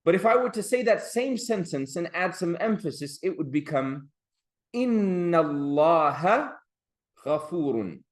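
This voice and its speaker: A man's voice: high voice, lively intonation, moderate pace, hardly any pauses. A man teaching an Arabic grammar class, patiently explaining and drawing out the endings of Arabic words. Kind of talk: classroom lecture.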